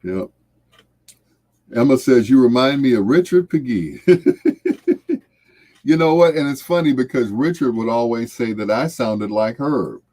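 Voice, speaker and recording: A man hosting a late-night radio show, talking in a slow, reflective, heartfelt way and trailing off softly. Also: medium pitch, animated. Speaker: radio host.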